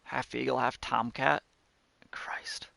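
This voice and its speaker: A man's voice: mid-range voice, flat delivery, takes it slowly, creaky, pushed and bright, no room sound, whispered. A man streaming a video game, reading on-screen text aloud and stumbling over words, with joking, swearing asides. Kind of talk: casual let's-play commentary, reading on-screen text aloud.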